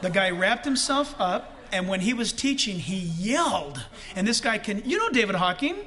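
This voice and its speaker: A male pastor preaching a sermon with animated delivery, shouting the quotes he acts out and laughing often. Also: high-pitched, moderate pace, slight background noise.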